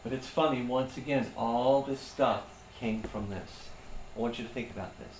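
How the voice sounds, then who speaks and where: A man's voice: medium pitch, moderate pace. A male pastor preaching a sermon in an earnest, conversational way. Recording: echoey room, voice from far off, faint hum.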